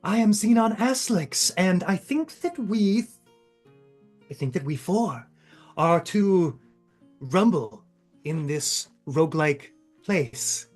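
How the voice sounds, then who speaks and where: A player voicing a theatrical, graceful female performer who speaks in flowery, slow, dramatic lines during a tabletop role-play game. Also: lowish voice, animated, a little mellow, faint music behind. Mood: grand, gushing.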